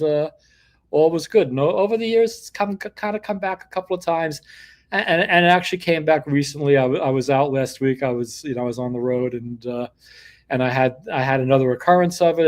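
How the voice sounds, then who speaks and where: An older man from New York talks in a loose, casual monologue, drifting from story to story. He drops dry, wry jokes along the way. His voice sits at an ordinary middle pitch for a man. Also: darkish tone. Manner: rambling storytelling with wry asides. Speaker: host of his own commentary show.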